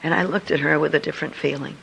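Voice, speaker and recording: A middle-aged woman, an author and speaker, telling a personal story to an audience in an earnest, confiding way with lively emphasis. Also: low voice, fast, gravelly, slight background noise, poor audio. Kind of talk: storytelling speech.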